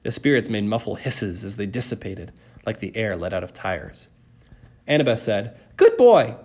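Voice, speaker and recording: A man narrating a first-person novel as an audiobook in an even, wry storytelling tone. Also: lowish voice, normal speed, husky. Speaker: audiobook reader.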